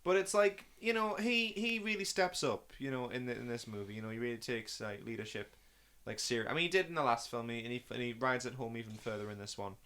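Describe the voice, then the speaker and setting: A man's voice: medium pitch, fast talker, few pauses, pushed and bright. A man in a casual podcast chat, talking about a film with rambling, enthusiastic gushing. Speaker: film review podcast guest watching for the first time.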